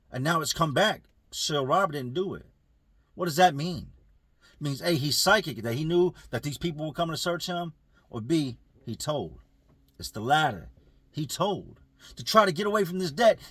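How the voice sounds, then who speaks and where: Husky-voiced man telling a prison story. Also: a little high, dry recording. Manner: streetwise slang, animated retelling with acted quotes. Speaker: storyteller recounting prison life. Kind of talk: casual spoken storytelling.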